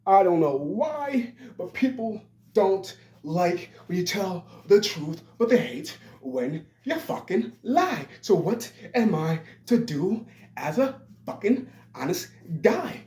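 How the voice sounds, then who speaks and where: A man's voice: high-pitched, very animated, measured pace, a little mellow. A man in his twenties giving a rambling monologue, blunt and profane. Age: 20s. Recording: roomy echo.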